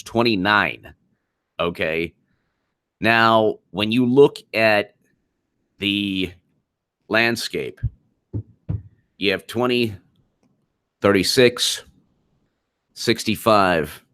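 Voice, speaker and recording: Deep-voiced man hosting a political live stream. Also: a bit bright, no echo, clean studio sound. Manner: emphatic, repeats himself, reads super chats aloud.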